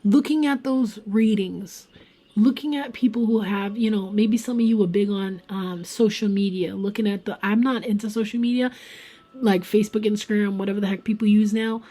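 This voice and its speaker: A woman giving a casual pick-a-card tarot reading, chatty and emphatic, talking straight to her viewers and sometimes dropping to a soft whisper for emphasis. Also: medium pitch, steady tone, normal speed. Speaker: tarot reader.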